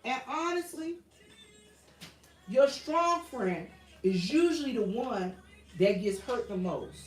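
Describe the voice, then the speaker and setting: Speaking slowly and expressively in a fairly high voice, a Southern-accented woman hosts a casual YouTube livestream from her home workshop as a printer runs. She's earnest and repetitive and calls viewers y'all; the sound is reverberant and distant, with soft background music and rough quality.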